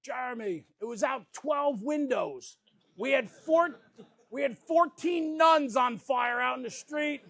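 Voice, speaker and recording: A man's voice: extremely high pitch, slow, a bit bright, no room sound, exaggerated voice. A man voicing a ninety-year-old veteran firefighter who eagerly tells and embellishes old fire stories. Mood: eager storytelling.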